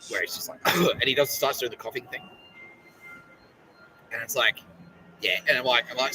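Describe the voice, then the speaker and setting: A man's voice: medium pitch, a little fast, long pauses, noisy background. A man with an Australian accent hosting a podcast in a rambling, profane, heated monologue. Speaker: podcast host. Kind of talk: casual monologue.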